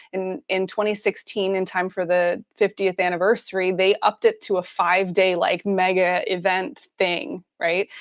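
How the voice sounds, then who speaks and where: A woman hosting a news livestream, chatting casually with many fillers and restarts, laughing often. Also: medium pitch. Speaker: news show host.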